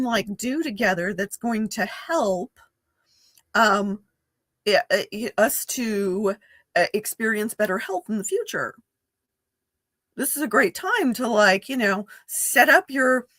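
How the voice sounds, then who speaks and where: Slow, chatty woman astrologer. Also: a little high, expressive, fairly bright tone, no echo. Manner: chatty, laughs often, many fillers; acts out playful quoted voices. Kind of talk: casual spoken forecast.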